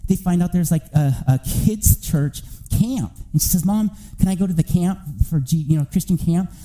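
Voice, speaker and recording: A man preaching a church sermon, telling a family testimony as an animated story that climbs toward near-shouting. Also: sits high, moderate pace, low-quality recording.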